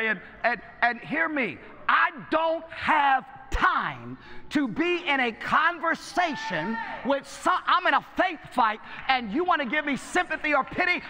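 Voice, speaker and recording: A man's voice: very high voice, big pitch swings, unhurried, bright, forceful tone, long reverb tail. A male pastor preaching a sermon, exhorting and calling out to his congregation. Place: church sanctuary.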